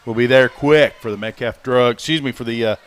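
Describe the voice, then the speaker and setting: A man doing color commentary for a high school football game, relaxed and reading out stats. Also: brisk, clean tone. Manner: relaxed, reads stats, easygoing.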